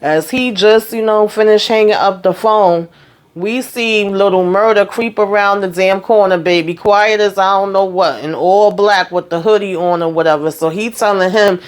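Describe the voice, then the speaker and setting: A woman in a casual, animated recap of a TV episode, acting out the characters' lines with lots of fillers. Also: medium pitch, moderate pace. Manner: animated storytelling, acts out characters' quotes, frequent fillers. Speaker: TV recap host.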